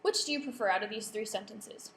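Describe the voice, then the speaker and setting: Speaking fast at medium pitch, a workshop presenter lectures students, checking in with them and polling the room. The space is echoey, with a faint hum behind her.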